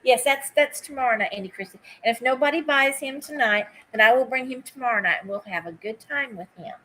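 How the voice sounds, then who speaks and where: A woman's voice: on the high side, brisk, bright, forceful tone, poor audio. A woman hosting a live online vintage sale. She chats casually, greets viewers by name while she takes bids, and drops easy asides. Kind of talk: live-stream auction chat.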